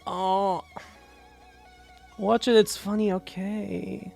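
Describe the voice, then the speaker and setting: A woman's voice: on the high side, sing-song, soft background music. A young woman streaming live, chatting casually with viewers, swearing and laughing easily. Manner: loud swearing outbursts and quick laughter.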